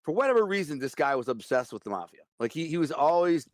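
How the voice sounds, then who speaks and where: A man's voice: on the high side, sing-song, quick pace, no room sound, studio quality. A man telling a blunt, streetwise story as an interview guest. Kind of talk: casual storytelling.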